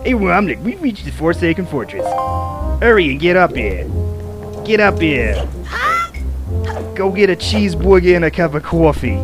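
A man voicing a boastful male pirate deckhand, pompous and sly, in a slightly lowered voice. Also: big pitch swings, normal speed, long pauses, over music. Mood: calling.

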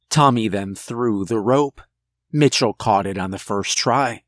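Slow-paced man narrating a horror story. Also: lowish voice, dry recording, clean studio sound. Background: faint music.

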